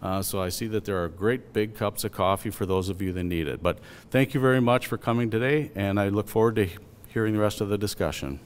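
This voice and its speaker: A man's voice: lowish voice, fast, slight background noise. A man giving plain, slightly hesitant opening remarks at a town hall in a large hall. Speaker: state legislator hosting the event. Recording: long hall reverb.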